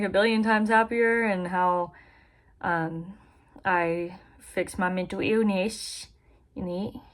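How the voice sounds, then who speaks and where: Talking to her camera from the bedroom she's moving into, a young vlogger chats and giggles through a life update, making fun of herself. Her voice sits in the mid range with a fairly bright tone.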